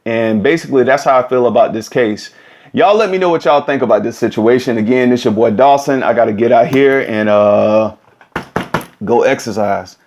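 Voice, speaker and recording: Animated man telling a story. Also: medium pitch, normal speed. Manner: animated, slangy, direct address. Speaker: vlog host. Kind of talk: casual storytelling commentary.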